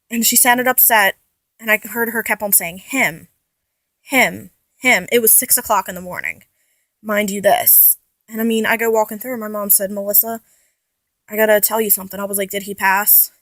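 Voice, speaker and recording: Chatty young woman, high dry voice. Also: fairly bright tone, no echo. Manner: rambling, restarts and self-corrections, chatty. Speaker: vlogger. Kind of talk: casual personal vlog.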